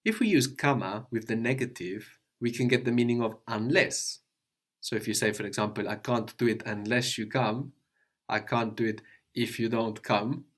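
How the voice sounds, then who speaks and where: A man's voice: mid-range voice, normal speed. A man teaching a language lesson, patiently explaining step by step and asking his student questions.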